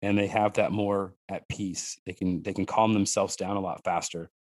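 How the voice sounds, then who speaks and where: A man telling hunting-family stories in an animated, rambling way, with restarts and fillers. His voice sits low for a man. The sound is dry and close, with no room echo. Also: normal speed. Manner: animated storyteller who acts out his daughters' lines in a higher voice. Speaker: guest, wild game cook and hunter. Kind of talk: casual podcast conversation.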